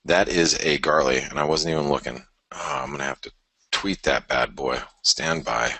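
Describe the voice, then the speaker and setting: Male webinar host, very deep and forceful, chatty and blunt, dry close mic. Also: normal speed, vocal fry, breathy edge, no echo. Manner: chatty, blunt, mutters to himself while working. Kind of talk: casual live market commentary.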